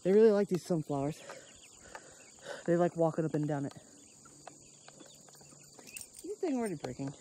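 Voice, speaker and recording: A woman's voice: deep voice, expressive, moderate pace, pauses often, mellow, a little hiss or hum. A woman vlogging casually outdoors in the countryside, rambling chattily and talking to her dog as she walks. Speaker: daily vlogger. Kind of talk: casual vlog chat.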